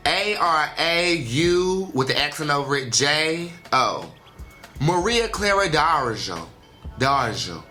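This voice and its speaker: Lively, chatty young host. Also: medium pitch, normal speed, soft background music. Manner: animated and chatty, punctuates with "okay?" and "honey". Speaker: radio show host. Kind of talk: casual monologue.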